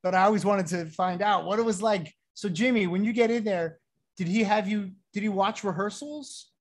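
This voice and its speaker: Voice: medium pitch, moderate pace. A talk show host asking a guest about working with a record producer, with curious, rambling questions. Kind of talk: casual interview.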